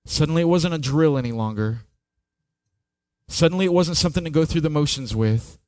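A man preaching a sermon with slow, dramatic delivery, dropping to near-whispers and rising to loud peaks. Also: a little high, lively intonation, no room sound, clean studio sound. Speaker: pastor.

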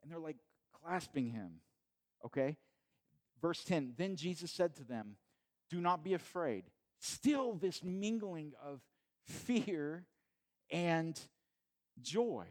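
A man preaching a sermon in a conversational way, retelling the scene with animated asides. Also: a little high, slow pace, pauses often. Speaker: pastor.

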